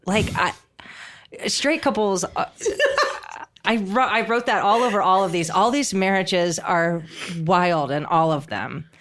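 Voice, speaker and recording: Low-voiced gossipy woman co-host. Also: moderate pace, few pauses, fairly bright tone. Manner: gossipy, musing, lots of "I mean" and "like". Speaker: podcast co-host. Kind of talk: casual comedy podcast chat.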